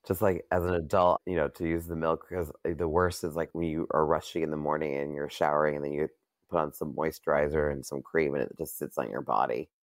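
A man hosts a relaxed podcast chat in a very low voice, talking in an easy way with plenty of fillers. The recording is dry and close, with no room sound. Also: a little fast, no echo. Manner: easygoing, chatty, filler-heavy. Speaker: podcast host. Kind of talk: casual interview chat.

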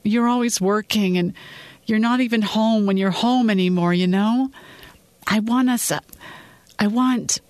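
A woman's voice: mid-range voice, a little slow, pauses often, darkish tone, no room sound, pitched above the performer's own voice, close to an everyday voice. A woman voicing an adult husband, anxious and pushy by turns, in a fiction reading. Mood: tender. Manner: pleading, then stern. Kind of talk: audiobook-style fiction reading.

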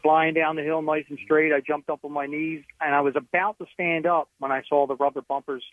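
A man's voice: on the high side, level tone, brisk, no echo. A man calling in to a radio show, enthusiastically telling a story. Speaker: caller. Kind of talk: phone-in storytelling. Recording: tinny phone line.

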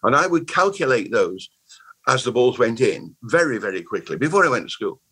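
Husky old bristol guy in his 80s, rambling stories, keeps restarting words. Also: mid-range voice, big pitch swings, a little fast, a bit bright, rough recording. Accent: Bristol English. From Bristol, England. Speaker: guest. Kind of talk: casual conversational storytelling.

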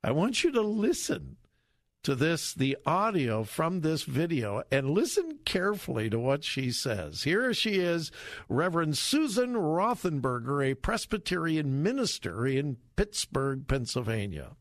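A man's voice: on the high side, big pitch swings, measured pace, no echo, clean studio sound. Emphatic talk radio host, a man. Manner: emphatic, indignant. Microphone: studio microphone.

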